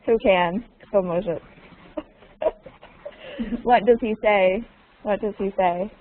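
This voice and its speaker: A woman with a mid-range voice teaches a conversation class over a video call, speaking slowly. As an English teacher, she patiently repeats her questions and slips in Russian words to explain. The call audio is tinny and narrow, with faint noise.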